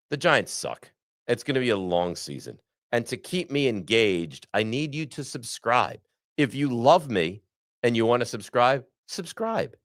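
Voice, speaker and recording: Male sports host, mid-pitch, blunt and exasperated, dry studio sound. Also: a bit bright, no echo. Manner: frustrated, blunt sports rant. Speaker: podcast host. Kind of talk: sports talk.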